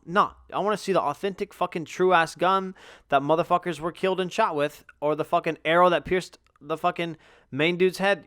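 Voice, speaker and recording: A man's voice: a little high, a bit bright, no room sound, studio quality. Profane, rambling young man telling a story. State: yawning, tired. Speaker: podcast host. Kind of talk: casual solo podcast storytelling.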